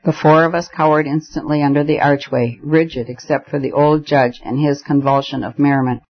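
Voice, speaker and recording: A man narrating a story aloud in a measured, even storytelling voice. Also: a little high, highs cut off. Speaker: audiobook narrator. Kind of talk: scripted narration.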